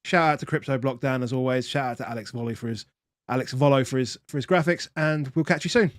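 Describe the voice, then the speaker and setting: A man of middling pitch co-hosts a loose live-stream podcast, chatting and laughing as he circles back over his own sentences. The sound is close and dry, with no room around it. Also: fast talker, dry recording. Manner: chatty, laughs often, rambling restarts. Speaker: podcast co-host. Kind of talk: casual chat.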